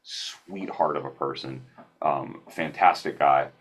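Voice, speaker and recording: Low husky-voiced man telling stories. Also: slow. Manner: animated, self-deprecating, with frequent restarts. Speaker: podcast guest. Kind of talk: casual storytelling on a podcast. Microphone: remote call.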